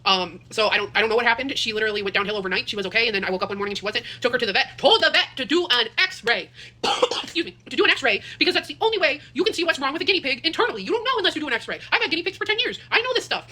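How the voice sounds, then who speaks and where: Quick, bright-voiced chatty woman cooking. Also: on the high side, lively intonation, a little hiss or hum. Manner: rambling, chatty, self-deprecating, drifts off topic. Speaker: home cooking vlogger. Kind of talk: casual cooking vlog chat. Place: home kitchen.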